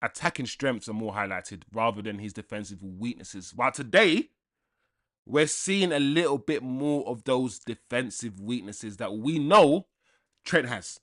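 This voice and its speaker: A young man hosts a live football watchalong. He talks in a loose, opinionated way, answering viewers' comments and arguing his points. His voice sits at an average pitch for a man. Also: expressive, unhurried, a bit bright. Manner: casual, opinionated, reads out chat and talks back. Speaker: watchalong host.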